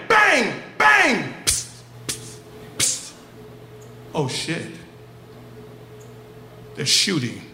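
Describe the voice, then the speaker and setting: A man telling a profane, comic story on stage at a live show, in an animated way. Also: on the high side, a little hiss or hum. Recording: echoey live venue.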